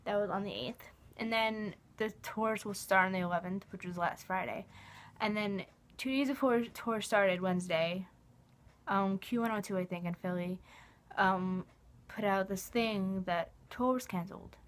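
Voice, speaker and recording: A woman's voice: medium pitch, moderate pace. Young woman rambling in a fan vlog. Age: young adult. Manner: rambling, emotional, heavy use of "like". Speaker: vlogger.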